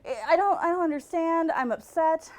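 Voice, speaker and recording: A woman hosting a podcast in casual comedic chat, animated, laughing and breaking into incredulous outbursts. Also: very high-pitched, moderate pace. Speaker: podcast host.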